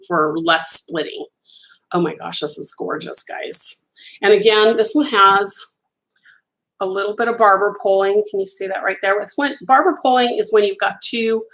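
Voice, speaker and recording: A crochet designer hosts a live stream, chatting casually in a fairly low, fairly bright voice that's slightly hoarse, and the audio is poor. She's losing her voice and clears her throat. Enthusiastic and admiring, she addresses viewers by name.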